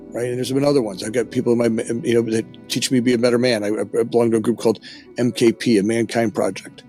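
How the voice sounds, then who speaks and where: A middle-aged man speaks at an ordinary mid pitch, telling personal stories in an earnest, casual way. He often restarts his sentences and ends them with a quick "right?". Faint music plays under his voice. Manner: frequent restarts and tag "right?", earnest storytelling. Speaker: podcast guest, company founder. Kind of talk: casual reflective interview talk.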